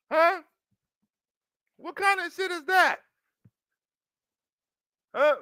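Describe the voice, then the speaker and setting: A man rants in a comedic reaction, profane and animated, playing up mock outrage. His voice is high and bright, recorded dry and close to the mic. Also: unhurried, long pauses, no room sound. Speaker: commentator.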